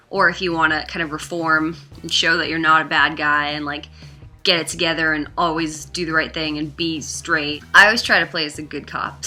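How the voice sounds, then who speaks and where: Chatty young woman with a bright voice. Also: sits low. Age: young adult. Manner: chatty, heavy on fillers, blunt and swearing. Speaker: game reviewer. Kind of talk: casual game review chat.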